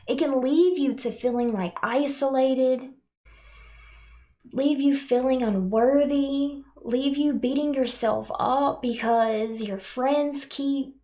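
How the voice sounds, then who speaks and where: A woman with a voice pitched a little high. She talks earnestly to her viewers about spiritual matters, checking in with a "right?" after her points. She sounds emotional and close to tears. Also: takes it slowly, mellow. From North Carolina, USA. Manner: earnest, tags lines with "right?", speaks of herself in third person. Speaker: spiritual channel host. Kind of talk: heartfelt spiritual talk to viewers.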